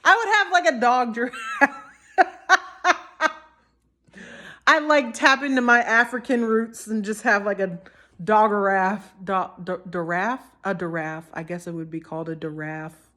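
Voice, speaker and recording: A woman's voice: mid-range voice, steady tone, measured pace, long pauses, pushed and bright. A tired young woman vlogging casually, giddy and giggly, rambling with many restarts.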